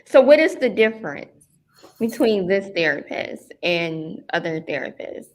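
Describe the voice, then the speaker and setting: A woman's voice: on the low side, animated, unhurried. A woman interviewing a guest in a casual conversation, cutting in with reactions and follow-up questions. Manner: reactive, stops the guest to ask follow-ups.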